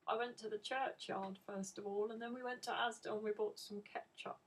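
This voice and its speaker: A woman voicing a young boy who recounts his school day to the family dog in a high-pitched pet voice. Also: steady tone, fairly quick, breathy edge, recorded from a distance, close to an everyday voice. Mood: chatty.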